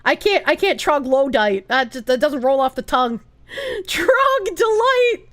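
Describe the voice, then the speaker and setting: A high-pitched woman streaming live, chatting casually with her viewers and reading their comments out loud. She swoops all over her range, breaks into giggles and swears freely. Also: moderate pace. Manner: animated, giggly, swears freely, reads chat aloud.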